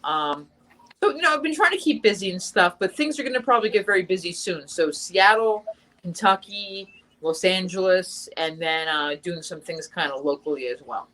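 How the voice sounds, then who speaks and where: A woman's voice: lowish voice, expressive, normal speed, sharp tone, poor audio. A young adult woman chatting casually in an interview as the guest actress, talking in long runs with lots of fillers and restarts.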